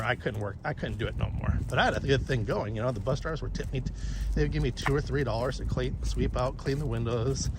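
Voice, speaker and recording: A middle-aged man live-streaming a dog walk outdoors, telling rambling, profane stories from his youth with lots of ums. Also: mid-range voice. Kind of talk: casual storytelling chat. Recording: outdoor stream with clear street noise.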